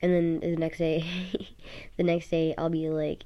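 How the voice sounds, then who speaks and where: A woman's voice: deep voice, completely flat delivery, a little slow, clear, resonant tone, lo-fi sound. A tired teenage girl at home rambling through a casual vlog into her phone, talking in loose run-on thoughts full of "like" and "um". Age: teens. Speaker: vlogger. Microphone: phone app recording.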